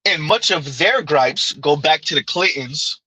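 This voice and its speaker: A man's voice: on the high side, expressive, unhurried, sharp tone, slightly rough, no room sound, poor audio. A man giving casual livestream commentary, arguing his point with pointed rhetorical questions and reading chat comments aloud.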